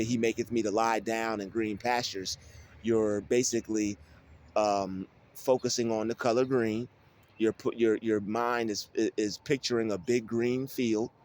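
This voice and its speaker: A man giving an informal spiritual teaching about Bible verses, talking casually with many restarts and repeated phrases. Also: mid-range voice. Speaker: spiritual video creator.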